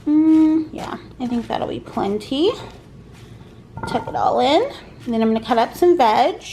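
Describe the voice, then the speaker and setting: Brief: casual female vlogger, fairly high voice, chatty kitchen walkthrough, faint fan noise behind. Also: lively intonation, measured pace, gravelly, dark tone. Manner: chatty, explains as she cooks, frequent ums. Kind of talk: casual kitchen vlog voice-over. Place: home kitchen. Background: kitchen fan and frying noise.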